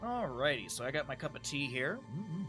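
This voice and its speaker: A man's voice: on the high side, sing-song, brisk, music in the background. A man casting a game live on stream, casual, upbeat and jokey as he chats with his viewers. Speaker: esports caster and streamer.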